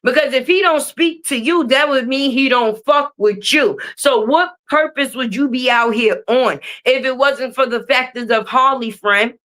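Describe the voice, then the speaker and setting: A young adult woman rants on a livestream. She talks in a profane, confrontational, animated way. Her voice sits high. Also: a little slow, hardly any pauses. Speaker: streamer. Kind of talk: livestream rant. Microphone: streaming mic.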